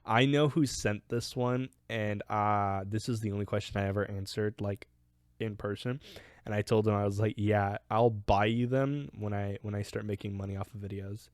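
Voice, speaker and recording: A teenage boy with a lowish voice who rambles through a casual Q&A, restarting sentences and laughing easily. The recording is dry and close, with no room sound. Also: steady tone, normal speed, no room sound. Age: teens. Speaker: channel host answering questions. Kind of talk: casual chat.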